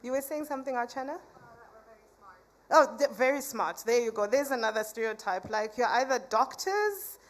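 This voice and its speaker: A woman's voice: on the high side, animated, normal speed. A woman from Africa, giving a chatty conference talk full of "you know" asides and banter with the audience. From South Africa. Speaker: conference speaker.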